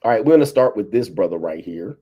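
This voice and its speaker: A man's voice: fairly low pitch, expressive, quick pace, dark tone. A man hosting a casual livestream, talking loosely to his viewers, laughing often and reading out chat messages. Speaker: livestream host.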